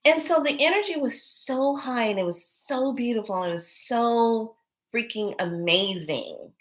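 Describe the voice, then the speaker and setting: A woman's voice: on the high side, animated, a little slow. A middle-aged woman, a priestess, telling a personal story in casual chat, breathless and full of wonder-struck exclamations.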